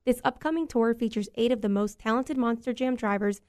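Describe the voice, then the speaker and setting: Fast-reading female radio co-host. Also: fairly high pitch, darkish tone. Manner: brisk, upbeat promo reading. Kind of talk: read promo announcement.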